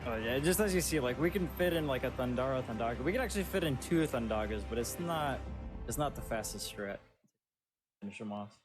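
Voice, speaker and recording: Male speedrunner, mid-range voice, casual play-by-play over clear game music. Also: mid-range voice, animated, fairly quick. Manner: narrates his own moves as he plays. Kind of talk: casual play-by-play while gaming.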